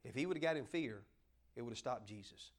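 A man's voice: mid-range voice, animated, fast talker. A man preaching a folksy sermon, joking with his congregation and asking them to help him along. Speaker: pastor.

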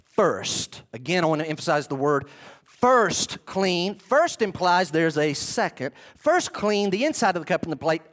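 A man's voice: high-pitched, very animated, a little slow, fairly bright tone. A man preaching a sermon as a pastor, in a conversational way with emphatic bursts and asides.

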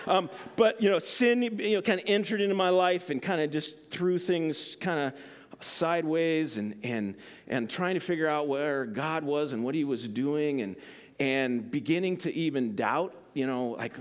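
A man's voice: a little high, lively intonation, unhurried. A man preaching a sermon in a casual, conversational way, full of fillers and frequent "right?" checks. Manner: conversational, filler-heavy, keeps asking "right?". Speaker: pastor.

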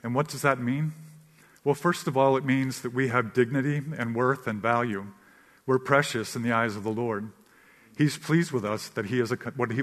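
A man giving an earnest, measured sermon as a pastor. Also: mid-range voice, a bit bright. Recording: long reverb of a large hall.

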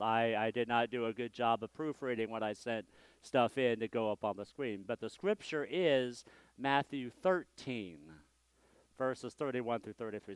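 A man's voice: mid-range voice, clear, resonant tone, no room sound. A male senior pastor giving a conversational, self-deprecating sermon from a church sanctuary, with frequent restarts.

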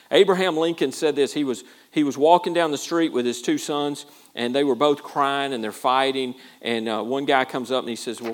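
A man preaching a sermon as pastor, in a folksy, self-deprecating way with a lot of repeated words. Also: medium pitch. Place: church.

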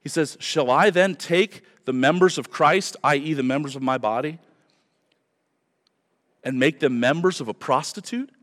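A man's voice: fairly high pitch, normal speed, fairly bright tone. A male pastor giving an earnest, emphatic sermon, repeating his key phrases for weight. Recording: long hall reverb.

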